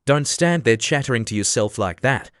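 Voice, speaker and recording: A man's voice: mid-range voice, animated, fairly bright tone, dry recording, studio quality, lightly acted. A man reading as a pompous, touchy egg man. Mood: haughty. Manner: haughty, argumentative and quick to take offence. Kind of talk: audiobook character reading.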